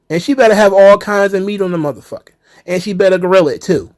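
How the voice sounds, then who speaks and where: A wrestling commentary channel host rants in a heated, sarcastic way, swearing as he goes. His voice sits high and is a little mellow, he talks fast, and there's no echo.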